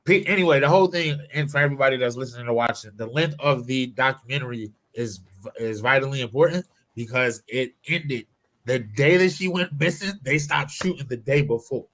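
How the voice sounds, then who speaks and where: A man co-hosts a podcast in a loose, casual way. He rambles, restarts, and corrects himself mid-thought. His pitch sits in a mid range. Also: a little fast, fairly bright tone, poor audio. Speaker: podcast co-host. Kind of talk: casual chat.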